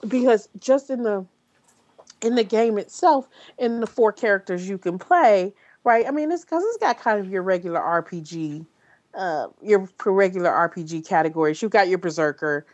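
A woman's voice: mid-range voice, lively intonation, normal speed, a little mellow, lo-fi sound. A woman hosting a podcast in casual talk, speaking bluntly with frequent swearing, fillers and restarts. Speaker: podcast host.

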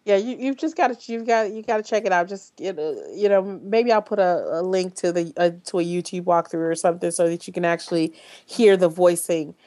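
A woman's voice: lowish voice, fairly quick, dark tone. A woman hosting a podcast in casual talk, speaking bluntly with frequent swearing, fillers and restarts. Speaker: podcast host.

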